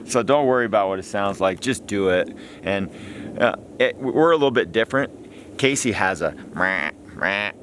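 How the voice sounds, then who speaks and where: Deep-voiced hunting guy rambling casually about deer calls, laughs a lot. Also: expressive, moderate pace, a little hiss or hum. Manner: rambling, chatty, laughs often. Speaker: hunting video host. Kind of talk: casual instructional talk.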